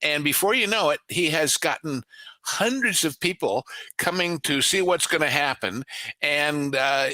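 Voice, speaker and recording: A man co-hosts a film podcast, telling anecdotes and laying out a plot at an easy pace, with plenty of filler words. His voice is bright and forward. The sound is dry, recorded close to the mic with no room echo. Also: a little high. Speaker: podcast co-host. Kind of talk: casual podcast chat, film synopsis.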